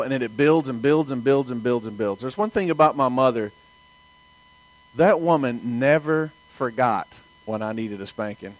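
A man's voice: mid-range voice, rough recording. A man from the American South with a Southern accent, preaching a sermon in a folksy storytelling way and asking the congregation for amens. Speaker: pastor.

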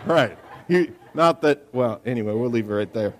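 A man preaching a sermon, joking with the congregation and breaking into sudden loud outbursts. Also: medium pitch, animated, normal speed, a little hiss or hum. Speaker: pastor. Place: church.

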